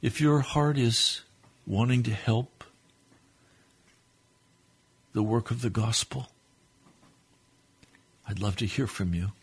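A man's voice: medium pitch, measured pace, slightly rough. A man preaching on a radio broadcast, leading a fervent, pleading prayer that swells and drops. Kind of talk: sermon prayer.

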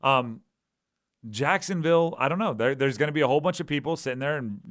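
A man hosting a sports talk radio show, animated and acting out voices as he argues his points. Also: medium pitch, quick pace. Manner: animated, acts out quoted voices.

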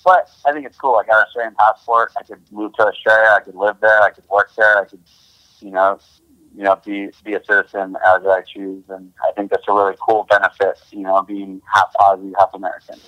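A man's voice: on the low side, flat delivery, brisk, sharp tone, dry recording, low-quality recording. A man talking as a podcast guest in a loose, rambling way, full of restarts and "you know". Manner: rambling, heavy on fillers and restarts. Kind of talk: casual interview chat.

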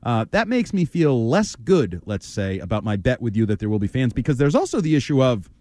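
A man's voice: medium pitch, very animated, brisk, dark tone, no echo. A man co-hosting a sports radio show, trading wry, sarcastic remarks in casual banter.

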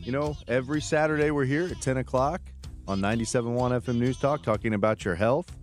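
A man's voice: medium pitch, fast, faint music behind. A man hosting a weekend radio health show, chatting casually and laughing easily with his co-host in the studio.

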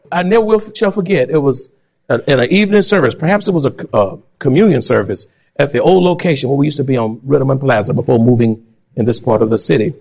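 A male pastor delivers a sermon in a high voice with wide, lively swings of pitch. He acts out other people's voices and breaks into sudden shouts. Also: fast talker.

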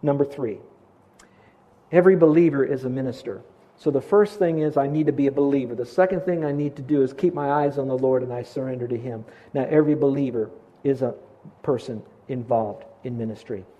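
A man's voice: mid-range voice, brisk, warm tone, muffled recording. A man giving an earnest, direct sermon as a pastor, often posing questions to his listeners.

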